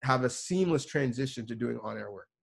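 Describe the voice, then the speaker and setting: A man's voice: mid-range voice, animated, a little fast, gravelly, breathy edge. A man, a sports reporter and producer, giving earnest, emphatic advice to students over a video call, with frequent restarts.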